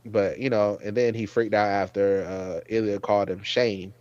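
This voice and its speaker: A man hosting a casual TV episode review, animated, who acts out characters' lines and exclaims loudly. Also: on the low side, normal speed, dry recording, lo-fi sound. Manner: frequent fillers and restarts, exclaims loudly. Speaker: show host.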